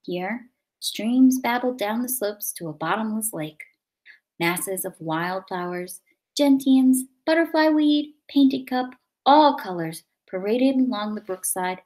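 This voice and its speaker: A woman reading a children's chapter book aloud with expressive delivery. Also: on the high side, takes it slowly. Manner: expressive, dynamic. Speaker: narrator.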